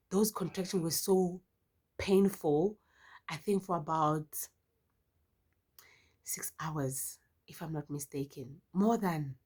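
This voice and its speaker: Expressive South African woman telling a story. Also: low voice. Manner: expressive, exclamatory, frequent "yo" interjections. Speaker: YouTuber. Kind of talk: casual storytelling vlog.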